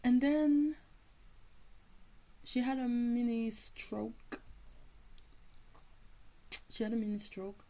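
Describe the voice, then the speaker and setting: A woman telling a personal faith testimony in an animated storytelling manner, often acting out the people in her story. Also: a little high, extremely slow, long pauses, poor audio. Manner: animated, acts out quoted people. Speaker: faith teacher sharing a testimony.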